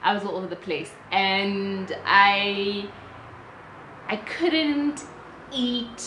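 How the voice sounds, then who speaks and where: A young woman with a South African accent tells her own story to the camera in a lively, chatty vlog manner. She jumps back to restart sentences and keeps a casual, confiding tone. The room is roomy, and a faint ambient hum sits underneath her. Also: medium pitch. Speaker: vlogger.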